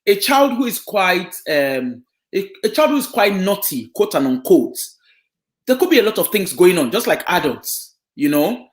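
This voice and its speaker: A man with a high and very lively voice talks parents through an idea, often stopping to check that they follow him. He works with children and families, and the recording sits in an echoey room. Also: moderate pace. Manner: explanatory, checks in with listeners. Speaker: children and family social worker. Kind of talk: community talk on parenting.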